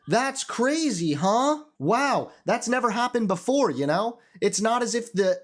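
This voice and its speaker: High-voiced sarcastic young man. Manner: sarcastic, profane, self-critical. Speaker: commentator reacting to his old video. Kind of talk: casual reaction commentary.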